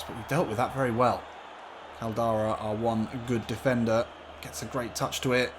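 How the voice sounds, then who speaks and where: Guy doing play-by-play on his football game, excitable, mid-pitched voice, faint hiss behind. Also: normal speed. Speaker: gaming YouTuber. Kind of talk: gameplay commentary.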